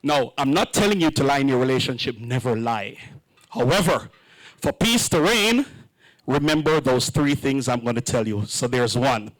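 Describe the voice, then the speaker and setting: A man's voice: medium pitch, moderate pace, rough recording. A man emceeing a wedding reception, joking and playing with the crowd.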